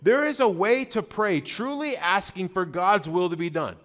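A man's voice: high voice, moderate pace, fairly bright tone. A middle-aged man preaching a sermon as pastor, conversational and joking, often repeating words mid-thought.

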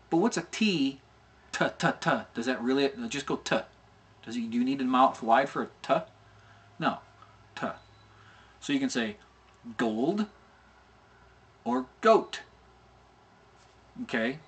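A middle-aged man talks through an animation lesson in a loose, conversational way. His pitch moves a lot as he explains, and he keeps checking in with "okay?" while sounding out syllables to show mouth shapes. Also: fairly bright tone. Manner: chatty, repeats "okay?" often, demonstrates mouth sounds. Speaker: animation instructor. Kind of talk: casual tutorial talk.

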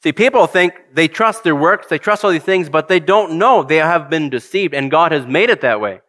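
A man's voice: a little high, animated, normal speed, fairly bright tone. A man preaching a sermon, earnest and direct, putting questions to his congregation and reading scripture aloud.

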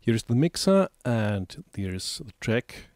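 Man, slow hesitant tutorial talk, lowish voice, dry close mic. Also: very animated, darkish tone, no room sound. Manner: hesitant, many ums and uhs. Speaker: music production tutor. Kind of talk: screen-recorded software tutorial.

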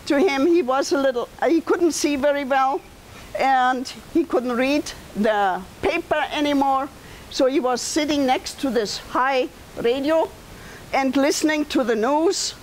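A woman's voice: sits high, slight background noise, poor audio. A woman in her seventies with a German accent, telling her life story to an audience in a conversational way, turning to listeners with asides. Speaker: guest speaker and author.

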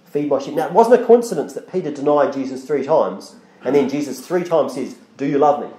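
A man's voice: a little high, animated, a little fast, mellow, roomy sound. A male pastor, preaching a sermon in a conversational way, with frequent restarts and acted-out quotes. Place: church.

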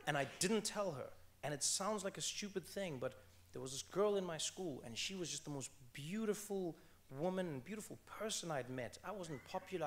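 Animated man in his thirties telling stories. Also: medium pitch, a little hiss or hum. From South Africa. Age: 30s. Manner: animated, repeats words when restarting, laughs while telling stories. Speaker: author and comedian guest. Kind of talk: conversational interview storytelling.

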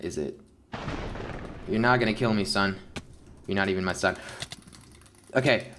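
A young man giving excitable Let's Play commentary over a game, yelping and laughing at the action. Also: low-pitched, moderate pace, long pauses, slight background noise. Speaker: gaming YouTuber.

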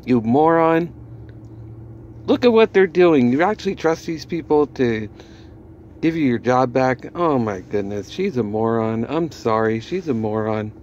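A man's voice: medium pitch, expressive, normal speed, a little mellow, highs cut off, a little hiss or hum. A man ranting scornfully and with swearing as a wrestling vlogger. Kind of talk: ranting commentary.

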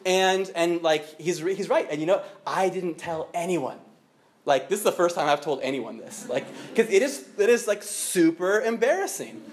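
A man preaching a sermon, telling a personal story in a halting, self-deprecating way full of restarts. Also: sits high, expressive. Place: church.

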